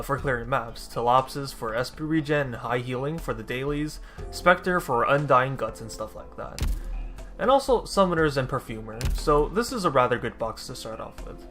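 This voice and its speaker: A man's voice: mid-range voice, a bit bright. A man giving casual, rambling commentary over his own gameplay, often correcting himself and dropping dry sarcastic asides. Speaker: gaming YouTuber.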